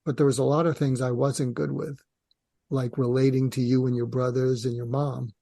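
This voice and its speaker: An older man, a psychiatrist co-hosting a podcast, telling a personal story in a reflective, halting way with restarts. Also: medium pitch, flat delivery, gravelly, dark tone, no room sound.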